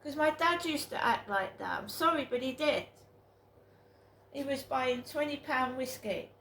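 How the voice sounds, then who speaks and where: A British woman talks slowly and deliberately in a rambling vlog, her slightly high voice rough with gravelly fry. She sounds aggrieved and repeats words for emphasis. The room is echoey, with a faint hum of ambient noise behind her. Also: lively intonation, a bit bright. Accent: British English. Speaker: vlogger. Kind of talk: casual vlog monologue.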